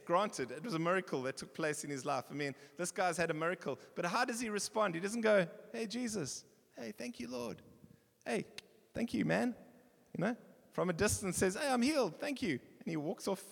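Male pastor, high lively voice, gravelly edge, sermon style, bursts of shouting, reverberant church hall. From South Africa. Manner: animated preaching with bursts of shouting.

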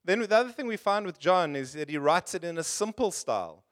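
A man's voice: high-pitched, lively intonation, fairly quick, a bit bright. A man preaching a sermon as pastor, in an earnest, conversational way full of rhetorical questions.

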